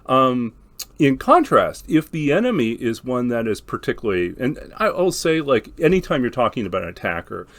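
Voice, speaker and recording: A man's voice: mid-range voice, very animated, normal speed, no echo. A man teaching how to describe combat in tabletop games, talking in a thoughtful, explanatory way with frequent ums and restarts. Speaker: game master teaching description. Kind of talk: instructional talk.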